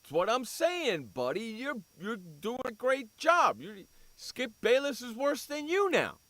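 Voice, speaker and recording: A man with a high, very animated voice rants on a sports talk radio show. He is blunt and profane, jumping up and down in pitch as he argues. The sound is dry and close to the mic. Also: a little slow, dry recording.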